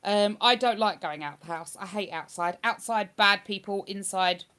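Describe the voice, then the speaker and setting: A woman's voice: medium pitch, normal speed, pushed and bright, clear, resonant tone. A woman chatting on a live stream, reading viewer comments aloud and answering them. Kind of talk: casual live-stream chat.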